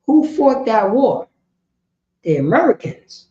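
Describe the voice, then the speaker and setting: A woman's voice: fairly high pitch, big pitch swings, takes it slowly, warm tone. A woman leading an informal group lesson, quizzing her listeners and often asking "you know what I'm saying?". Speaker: class leader. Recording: echoey room, dull muffled sound.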